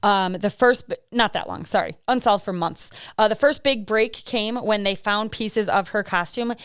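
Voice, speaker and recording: Her smooth, medium-pitched voice moves at normal speed as this American Midwest podcast co-host chats through true-crime stories. She meanders, laughs often and uses lots of fillers. The studio recording is clean, without any room sound.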